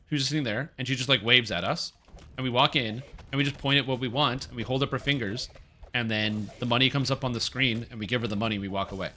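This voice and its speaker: A man's voice: medium pitch, sharp tone, a little hiss or hum. A man from Canada, a game streamer, chatting casually and rambling with lots of fillers and restarts. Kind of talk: casual gaming stream chat.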